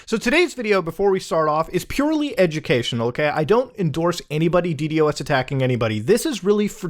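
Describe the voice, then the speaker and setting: An energetic male YouTuber explaining tech topics in a casual, chatty commentary. His voice sits high for a man, and he keeps checking in with the viewer with a quick "okay?". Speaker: YouTube host.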